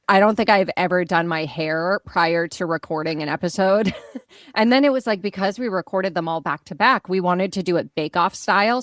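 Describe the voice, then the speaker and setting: A woman's voice: on the low side, no room sound, studio quality. A woman from Maine, USA, chatting as a podcast guest in a bubbly way and laughing often. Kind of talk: casual interview chat.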